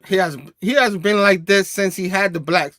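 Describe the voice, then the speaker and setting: Animated man reviewing comics. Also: sits high, normal speed, no room sound, studio quality. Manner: animated, laughs often, acts out dialogue. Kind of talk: casual comic book review.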